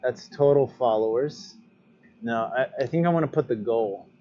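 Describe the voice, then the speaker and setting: A man's voice: mid-range voice, moderate pace, mellow, lo-fi sound. A man chatting casually during his own live stream as a glassblower, thinking aloud while he adjusts his stream settings. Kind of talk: casual livestream chat.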